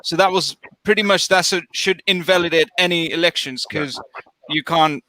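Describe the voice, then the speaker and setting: Bright-voiced Welsh man explaining things. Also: a little high, moderate pace, rough recording. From Wales. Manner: explanatory, swearing casually. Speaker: podcast co-host. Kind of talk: casual pub chat.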